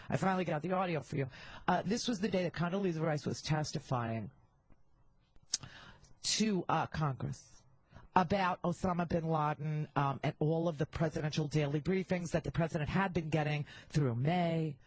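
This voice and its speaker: Husky-voiced talk radio hostess. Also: female voice, low-pitched, no room sound, poor audio. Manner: candid, rambling, joking asides. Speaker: radio talk show host. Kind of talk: casual radio monologue. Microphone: handheld studio mic.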